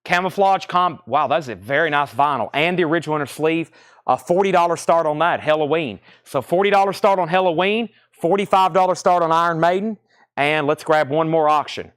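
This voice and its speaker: A man's voice: fairly high pitch, fairly quick, fairly bright tone, smooth, no echo, clean studio sound. A man with a Tennessee Southern accent, hosting a live-streamed record sale and rattling off bids and prices, often repeating himself. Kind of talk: live-stream auction selling.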